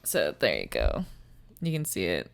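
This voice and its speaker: A woman's voice: rumbling low, huge pitch swings, unhurried, gravelly. A woman co-hosting a casual recap podcast, chiming in with short reactions, notes and frequent giggles. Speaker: podcast co-host.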